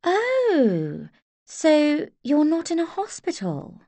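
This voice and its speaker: A woman's voice: high-pitched, wildly swooping pitch, takes it slowly, warm tone, no echo, pitched above the performer's own voice, full character voice. A woman reading an audiobook, voicing a condescending posh young woman who gushes patronizingly. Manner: gushing, patronizing.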